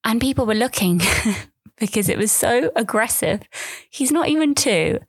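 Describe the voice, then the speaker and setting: A woman's voice: fairly high pitch, animated, moderate pace, husky, dry recording, clean studio sound. A woman in her thirties, hosting a solo podcast in a candid, rambling, self-deprecating way. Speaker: podcast host.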